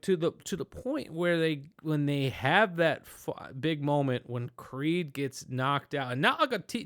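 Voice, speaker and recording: A man hosting a podcast, chatting casually about a film, talking in animated, rambling bursts with many restarts and fillers. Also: fairly high pitch. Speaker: podcast host. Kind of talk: casual movie review chat.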